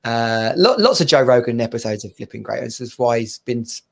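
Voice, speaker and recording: A man in his thirties co-hosting a casual chat show, telling stories in an animated way and laughing often. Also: mid-range voice, a little fast, vocal fry. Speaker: podcast co-host.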